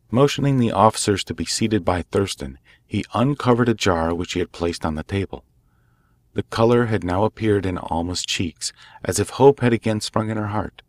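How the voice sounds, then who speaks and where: A man narrating a classic detective story aloud in a measured, steady storytelling manner. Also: deep voice, no echo. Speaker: audiobook narrator.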